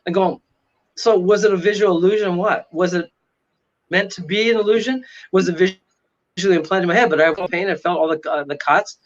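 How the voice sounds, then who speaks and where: Guy with a high voice spinning a spooky story, acts out every voice, dull lo-fi sound. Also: brisk. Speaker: paranormal investigator guest. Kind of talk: animated storytelling. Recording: dull lo-fi audio.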